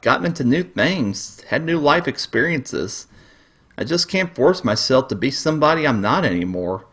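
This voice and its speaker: A man in his twenties reviewing cartoons online, speaking in a calm, reflective and measured way. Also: medium pitch, breathy edge. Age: 20s. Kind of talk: web video review.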